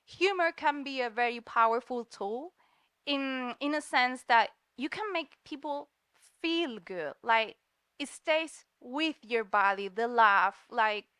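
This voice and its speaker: A woman's voice: on the high side, expressive, takes it slowly, pushed and bright, clear, resonant tone, no room sound, studio quality. A cheerful woman from Spain, a comic artist giving a talk at a university event, laughing often and slipping in words. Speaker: guest speaker, comic artist. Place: lecture room in New York.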